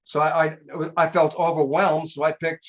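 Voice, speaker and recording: Older man, halting, raised pitch, dull lo-fi audio. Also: little pitch movement. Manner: halting, stumbles and restarts. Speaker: webinar participant. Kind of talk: casual live webinar chat.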